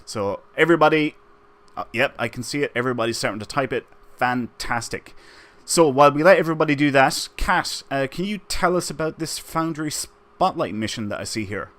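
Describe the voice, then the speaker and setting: A man's voice: mid-range voice, lively intonation, fairly quick, a bit bright. Man host, casual chat, breezy promo reads.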